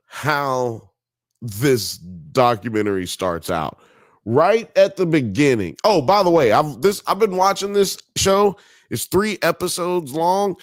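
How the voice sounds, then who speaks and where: A man's voice: mid-range voice, sing-song, slow pace, no room sound, studio quality. Profane Southern man, rambling commentary. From Alabama. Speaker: podcast host. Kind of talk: casual commentary on a TV documentary.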